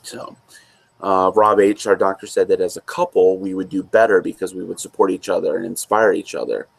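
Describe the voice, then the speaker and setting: Deep-voiced man chatting casually. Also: fairly quick, vocal fry, slightly rough. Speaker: co-host. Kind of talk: casual chat.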